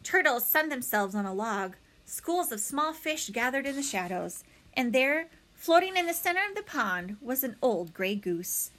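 A woman reads a children's novel aloud with lively, swooping intonation and a bright, forward tone. Her storytelling is expressive and animated, and she leans into each line. Her voice sits a little high for a woman. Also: normal speed. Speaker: narrator.

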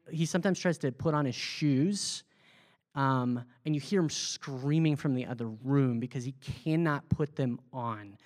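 A man's voice: medium pitch, darkish tone. Talkative man preaching to a group. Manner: conversational, asks the group questions and repeats their answers; loose, with fillers and restarts. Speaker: pastor leading a Bible study. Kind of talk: interactive sermon teaching.

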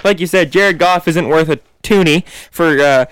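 High-voiced man, opinionated. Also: normal speed, a bit bright, smooth, no echo. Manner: confident, opinionated, talks in long runs. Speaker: co-host making sports picks. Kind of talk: casual sports podcast chat.

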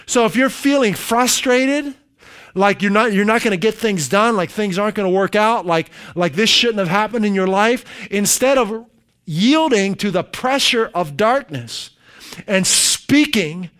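A man's voice: high voice, animated, normal speed, fairly bright tone, smooth. A man pastor preaching a sermon, emphatic and repetitive, leading the congregation in call-and-response declarations.

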